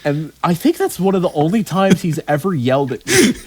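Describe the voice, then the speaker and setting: A male podcast host chatting casually in a dry, close recording. He rambles, swears freely and fills his pauses with ums. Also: on the high side, wildly swooping pitch, slightly rough, dry recording. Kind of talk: casual chat.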